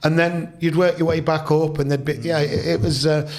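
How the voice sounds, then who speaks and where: A man's voice: on the high side, little pitch movement, normal speed, darkish tone. A man in his sixties with a Leicester accent, a podcast guest telling rambling anecdotes in casual chat. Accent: Leicester English. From Leicester, England. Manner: rambling, anecdotal, full of restarts and quoted dialogue.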